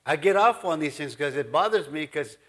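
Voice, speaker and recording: A man's voice: fairly high pitch, animated, brisk, fairly bright tone. A man pastor giving a folksy, rambling sermon in his church, full of asides. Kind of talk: conversational sermon.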